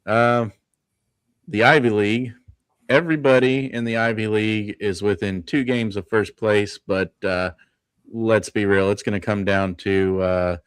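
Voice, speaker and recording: A man with a fairly low voice talks college hoops on a casual live show. He rattles off scores and losses in quick lists and laughs easily. The sound is dry and close to the mic. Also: clear, resonant tone, dry recording. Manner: runs through stats in quick lists, laughs often. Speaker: podcast co-host. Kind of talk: casual sports talk.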